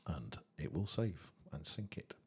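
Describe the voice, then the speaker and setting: A man casually walking through a software tutorial, chatty and thinking aloud. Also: rumbling low, very animated, unhurried, breathy edge. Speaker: tutorial host.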